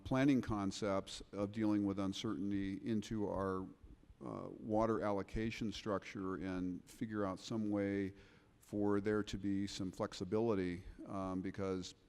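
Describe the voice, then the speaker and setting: A man speaking on a workshop panel in a measured way, pausing often to think. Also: fairly low pitch, a little mellow, clean tone. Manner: measured, with frequent um pauses. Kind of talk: panel discussion. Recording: long reverb of a large hall.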